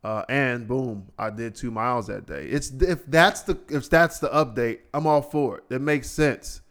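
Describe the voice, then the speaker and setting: A man ranting solo on his podcast, swearing freely and sounding exasperated. He keeps slipping into mocking impressions of other people, his pitch swinging up high as he works himself up. His voice sits at an ordinary middle pitch. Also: measured pace, a bit bright. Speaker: podcast host.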